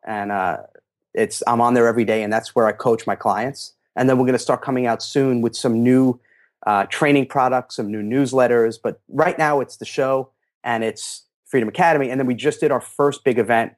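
A middle-aged man, a guest in a casual interview, telling animated stories and acting out quotes in a raised voice. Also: medium pitch, brisk. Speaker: interview guest, fitness marketer.

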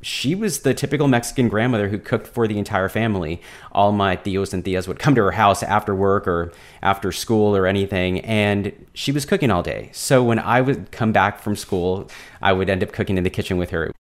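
A man, a chef, speaking as an interview guest and telling lively stories about his family. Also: lowish voice, a little fast. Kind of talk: recorded interview.

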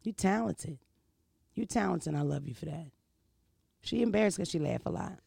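A man telling a crude, animated comedic story, full of rhetorical asides to his listeners. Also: sits high, normal speed, creaky, husky, dry recording, studio quality.

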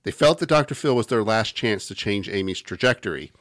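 A man's voice: lowish voice, expressive, brisk, fairly bright tone, dry recording, clean studio sound. A man co-hosting a podcast, telling the story from his research and teasing his friends. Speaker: podcast co-host. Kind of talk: casual chat, reading out research.

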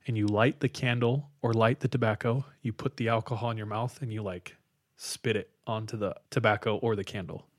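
A man co-hosting a podcast, casually retelling a spooky story with lots of fillers and a hushed tone for the eerie parts. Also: lowish voice, fairly even intonation, a little fast, no echo, clean studio sound. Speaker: podcast co-host telling a story.

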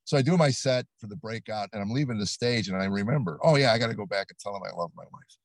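Older male comedian guest, low voice, dry close sound, lively storyteller who acts out what people said. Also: quick pace, dry recording. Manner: animated storyteller, acts out quotes. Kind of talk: storytelling interview. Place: studio set.

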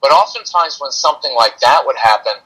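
A man talks through parenting ideas as a podcast guest, in an earnest, chatty way. His voice is bright and forward with a husky edge. Now and then he slips into quick impressions of frazzled parents. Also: medium pitch, animated, poor audio. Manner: earnest, conversational, acts out parent and kid voices. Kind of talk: podcast conversation.

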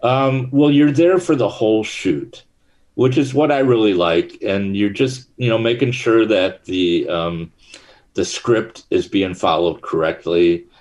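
A middle-aged actor, appearing as a guest in a casual interview chat, speaks in a fairly low, darkish voice at a measured pace. His stories ramble, with many fillers and restarts.

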